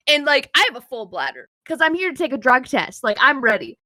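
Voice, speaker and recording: A young woman co-hosting a podcast, telling a long story in a rambling, filler-heavy, animated way. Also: high voice, a little fast, hardly any pauses, no echo. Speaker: podcast co-host. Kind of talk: casual storytelling chat.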